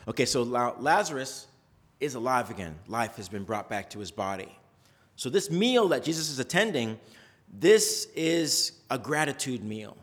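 A man preaching a sermon, retelling a story conversationally with lively swings in pitch. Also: moderate pace. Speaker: pastor.

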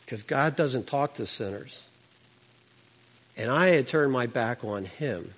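A man's voice: medium pitch, expressive, unhurried. An older man telling an earnest personal faith testimony, his voice climbing when he relives the moment.

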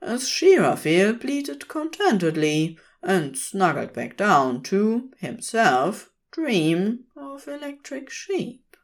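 A woman reading a story aloud as a podfic narrator, in an expressive, unhurried way. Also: mid-range voice. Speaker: podfic reader.

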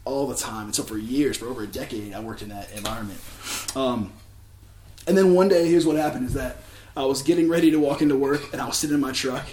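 A man's voice: mid-range voice, echoey room, a little hiss or hum. Earnest man telling a church testimony. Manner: earnest, laughs often, drops quiet when emotional. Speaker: church speaker. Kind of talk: personal testimony.

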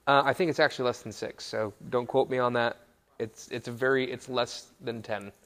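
A man's voice: mid-range voice, steady tone, brisk, fairly bright tone. A man preaching to a live audience in a hall, mixing scripture with playful jokes and self-corrections. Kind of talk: joking sermon to a live audience.

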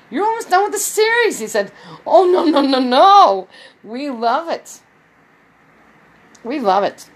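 A woman's voice: medium pitch, slight background noise, low-quality recording. A woman telling her viewers a long personal story in a casual, rambling way, with many restarts and quoted dialogue. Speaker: vlogger.

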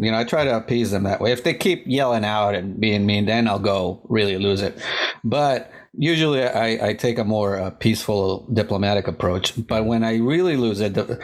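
A stand-up comic, male, with a fairly low voice, talking shop in a loose podcast chat. He rambles, swears freely and acts out the lines of people in his stories. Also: normal speed. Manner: rambling, profane storytelling with acted quotes. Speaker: stand-up comedian, guest.

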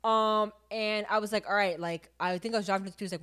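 Young woman, podcast co-host, chatty candid storyteller, mid-pitched voice. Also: fairly even intonation, fast talker, fairly bright tone, smooth. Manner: chatty, filler-heavy, vivid storytelling. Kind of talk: candid casual chat.

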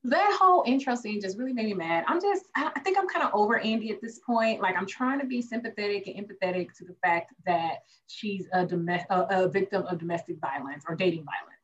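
A woman co-hosting a podcast in casual recap chat, animated and acting out quotes. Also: brisk, few pauses. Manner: animated, acts out quotes with rising pitch. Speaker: podcast co-host. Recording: distant, dull lo-fi mic with faint noise.

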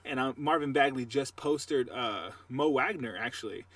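A man co-hosting a sports podcast, chatting casually and telling animated, trash-talking stories. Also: medium pitch, moderate pace, distant mic. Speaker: podcast co-host.

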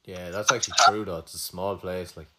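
A man's voice: low voice, fairly even intonation, a little fast, bright, forceful tone. A young Irish man running a casual quiz between friends, teasing and swearing freely. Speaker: quizmaster. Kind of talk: casual chat.

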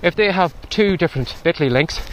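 Battling strong wind and rain on a casual walking vlog, a podcast host talks fairly quickly with lively intonation, his voice on the high side. He's slightly out of breath while giving friendly, chatty advice.

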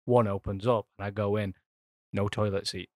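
A man telling a crude story in casual chat, animated and laughing. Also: fairly low pitch, moderate pace, no room sound. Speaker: podcast co-host.

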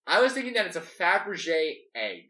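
A man's voice: high-pitched, big pitch swings, fairly quick, sharp tone. A man talking through a story plan casually, rambling and filling gaps with "like". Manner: rambling, full of "like". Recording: echoey room, mic at a distance.

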